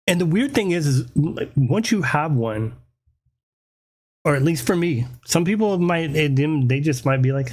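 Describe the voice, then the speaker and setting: Slow-talking man telling a story casually. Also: a little high. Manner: animated, swears freely, keeps tagging "right?". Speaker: podcast host.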